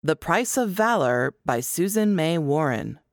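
Woman, audiobook narrator, low voice, lively intonation, slow, dry. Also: no room sound. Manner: measured, expressive storytelling.

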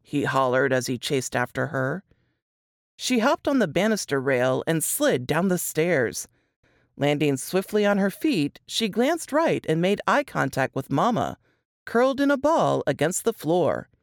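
A woman author reading her own dark fiction aloud in an expressive, measured way, on a close mic. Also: deep voice, dry recording.

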